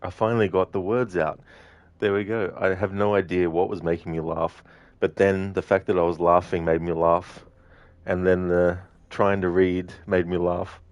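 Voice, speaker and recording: Male game streamer, young adult, deep voice, giggly and chatty, dry close sound. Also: flat delivery, normal speed, no room sound, lo-fi sound. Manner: giggly, chatty, reading chat aloud. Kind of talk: live gameplay stream chat.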